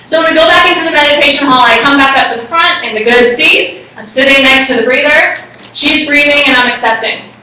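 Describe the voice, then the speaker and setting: A woman giving a live talk to an audience and telling a personal story in an excitable, animated way. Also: sits high, a little fast. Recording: echoey room, far from the mic.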